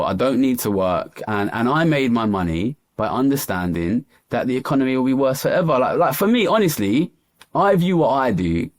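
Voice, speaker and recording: A man with an East London accent, speaking as an economist guest in an interview, talking passionately and repeating phrases for emphasis. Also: mid-range voice. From East London, England. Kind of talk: candid interview talk.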